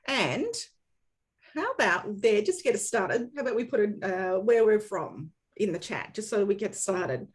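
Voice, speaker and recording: A woman hosts an online training session in a chatty, friendly way. Her voice sits at a middling pitch, and she keeps things upbeat and welcoming. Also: expressive, normal speed. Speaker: webinar host for a dairy company.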